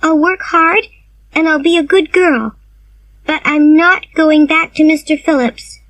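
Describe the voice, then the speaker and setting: A woman reading a graded storybook aloud and voicing an excitable, earnest young orphan girl with high, heartfelt pleading. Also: unhurried, dry recording, poor audio. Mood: determined. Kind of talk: graded reader narration.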